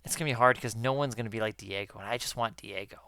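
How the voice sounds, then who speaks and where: Man, casual gaming chat, excitable, swears a lot, bright tone, dry sound. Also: fairly low pitch, fast, creaky, clean tone, dry recording. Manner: excitable, swears casually, addresses viewers as guys. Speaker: gaming YouTuber.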